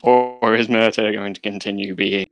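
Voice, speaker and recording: A man playing a tabletop game, describing his character's actions in a brisk, playful manner. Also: on the low side, fairly even intonation, fairly bright tone. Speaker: player.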